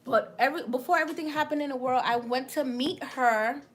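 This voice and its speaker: A woman's voice: high voice, fairly quick. A woman, hosting a casual livestream, chatting with viewers and laughing often as she tells a story. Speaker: livestream host.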